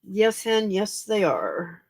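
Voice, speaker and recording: Slow-talking, yawning woman streamer. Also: mid-range voice, gravelly, dry recording. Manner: relaxed, chatty, talks to viewers by name. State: tired, yawning. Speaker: livestream host. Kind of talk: casual late-night crafting livestream chat.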